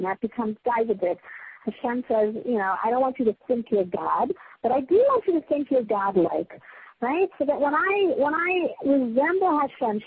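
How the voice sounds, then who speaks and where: A woman's voice: sits high, phone-quality sound, slight background noise. A woman teaching a Torah class to a small group. She is earnest and emphatic, often restarts her phrases and checks in with her listeners. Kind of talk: spiritual lecture to a small group.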